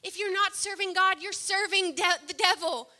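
High bright impassioned woman preacher. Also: fairly even intonation, normal speed. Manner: impassioned, swings from soft to loud. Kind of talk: sermon.

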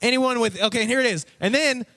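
A man preaching a casual, lively sermon from a stage before an audience, talking conversationally and acting out his listeners' reactions. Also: extremely high pitch, fast, vocal fry.

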